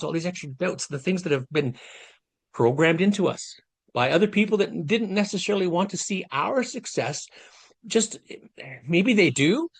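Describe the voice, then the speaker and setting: A guest speaker in his late fifties, with a fairly high, breathy-edged voice, leads a motivational masterclass on a video call. Earnest and conversational, he addresses those watching directly, and the call audio carries his voice plainly.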